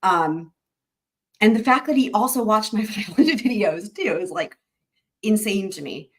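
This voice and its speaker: A woman hosting a live-stream recap, chatting excitedly and rambling with lots of restarts. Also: medium pitch, measured pace. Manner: addresses viewers directly as y'all. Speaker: YouTube trial-recap host. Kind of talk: live-stream chat with viewers.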